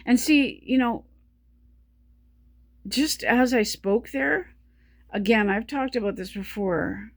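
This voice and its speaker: A woman speaking in a personal video diary, short of breath while talking, halting and stumbling with many restarts, weary and subdued. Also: on the high side, gravelly, dry recording. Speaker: vlogger.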